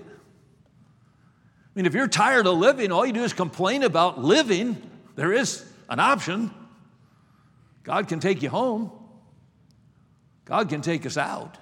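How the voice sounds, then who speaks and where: A man preaching a sermon, slow and emphatic, often repeating words as he starts a sentence. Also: on the high side, long reverb tail.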